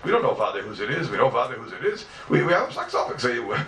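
Bright, fast-talking male teacher. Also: medium pitch, sing-song, roomy sound, far from the mic, slight background noise. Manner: emphatic, fires off rhetorical questions. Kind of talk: lively classroom lecture on religious texts.

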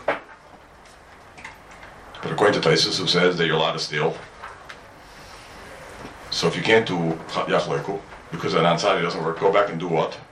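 A man's voice: deep voice, steady tone, normal speed, pauses often, fairly bright tone, a little hiss or hum. A man teaching a Talmud class. He mixes English with Hebrew and Aramaic study terms and keeps firing rhetorical questions at his students. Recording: roomy echo, mic at a distance.

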